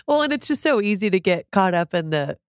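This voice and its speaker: A woman's voice: medium pitch, sing-song, brisk, no echo, clean studio sound. A woman in her thirties, a food creator, talking earnestly as a podcast guest, with fillers and an open, heartfelt manner. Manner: warm, earnest, gets emotional at times. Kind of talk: conversational interview.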